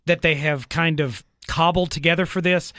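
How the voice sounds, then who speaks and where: A man co-hosting a casual movie chat, joking and acting out quick bits of dialogue. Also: on the high side, fairly even intonation, sharp tone, dry recording, clean studio sound. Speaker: podcast co-host.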